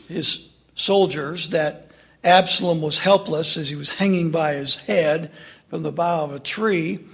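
A man preaching a sermon, retelling a story with drama, dropping to a hush for sad moments and rising to call out to his listeners. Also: fairly high pitch. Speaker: pastor.

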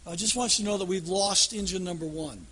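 A man playing an airline captain who calmly reassures his passengers over and over. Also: sits high, fast, breathy edge, exaggerated voice. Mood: reassuring. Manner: repeated soothing announcements.

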